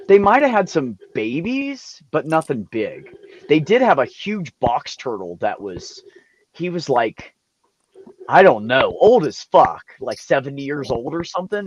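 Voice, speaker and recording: A man casually telling animated, profane stories over a video call. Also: medium pitch, no room sound, lo-fi sound. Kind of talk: casual storytelling.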